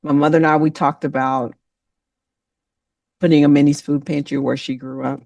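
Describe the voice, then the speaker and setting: A woman's voice: sits low, level tone, normal speed, creaky, a little mellow, no room sound, recorded from a distance, highs cut off. A woman giving a motivational talk, emotional and preacher-like, calling on listeners by name. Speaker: motivational speaker.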